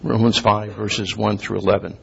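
A man giving a sermon, reading scripture slowly and clearing his throat often. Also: fairly low pitch, little pitch movement, a little hiss or hum. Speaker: lay preacher. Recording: dull lo-fi recording.

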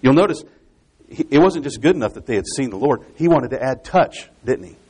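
A man's voice: medium pitch, expressive, brisk, darkish tone, breathy edge. A man preaching a Bible exposition sermon. He repeats key phrases for emphasis and explains scripture step by step.

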